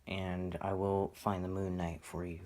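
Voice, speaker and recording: An excitable man rambles through a casual vlog about his collectible figures. His voice sits somewhat low, and he jumps between regret and enthusiasm in a loose, self-mocking way. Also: unhurried. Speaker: toy collector vlogger.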